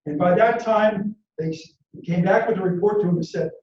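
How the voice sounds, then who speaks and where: High-voiced man telling a dramatic story. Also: normal speed, a little hiss or hum. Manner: dramatic, acts out quotes and shouts battle orders. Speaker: motivational speaker. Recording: echoey room, distant mic, dull lo-fi sound.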